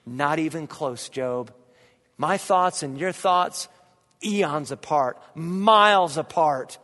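Pastor, male, thirties, high voice, unhurried delivery with shouted peaks, long hall echo. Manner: animated preacher, bursts into shouts. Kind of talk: sermon.

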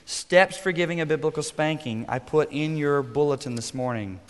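A middle-aged man, a pastor, preaching a sermon in an emphatic, punchy way with sudden loud bursts. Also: a little high, moderate pace, clear, resonant tone. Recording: long reverb of a church hall.

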